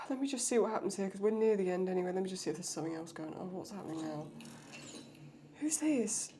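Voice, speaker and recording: A woman's voice: medium pitch, expressive, fast talker, mellow, a little hiss or hum. A young adult woman with a cold, reacting to a TV episode in emotional, exclamatory commentary with frequent swearing. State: sick with a cold. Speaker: reaction video host.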